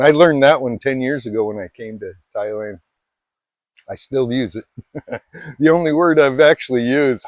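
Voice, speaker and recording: A middle-aged man from Alaska talks casually to his viewers. His voice sits at an ordinary pitch and sounds dry and close, with little room around it. He rambles, pokes fun at himself and restarts his sentences often. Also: no echo. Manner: rambling, self-deprecating, many restarts. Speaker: vlogger. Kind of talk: casual chat to camera.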